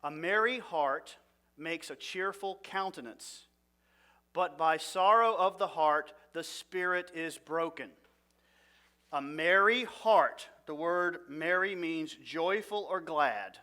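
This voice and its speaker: Middle-aged male Bible teacher, earnest, questions the room, bright, slightly higher pitch. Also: slow pace. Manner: earnest, asks the audience questions, drops to a low soft voice for feelings.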